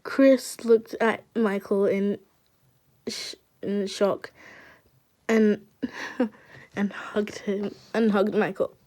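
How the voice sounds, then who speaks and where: A woman's voice: medium pitch, flat delivery, extremely slow, pauses often, mellow. A woman reading fan fiction aloud in an emotional way, stopping to laugh and apologize.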